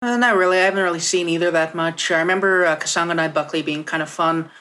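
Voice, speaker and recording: A man's voice: fairly high pitch, fairly even intonation, fast, sharp tone. Laid-back man chatting on a podcast. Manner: laid-back, noncommittal remarks. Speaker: podcast co-host. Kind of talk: casual podcast chat.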